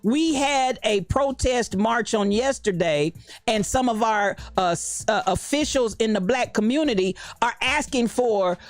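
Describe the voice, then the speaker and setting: A woman's voice: fairly high pitch, expressive, measured pace, no echo, faint music behind. A woman from Kansas City hosting a podcast livestream, talking with passion about current events and greeting people in the live chat. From Kansas City, USA. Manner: passionate, preachy, talks back to live chat. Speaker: podcast host.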